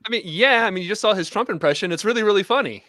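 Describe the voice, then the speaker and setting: Man, comedy host, high voice, dry sound, exasperated straight man. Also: lively intonation, very fast, pushed and bright, no room sound. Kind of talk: scripted comedy banter.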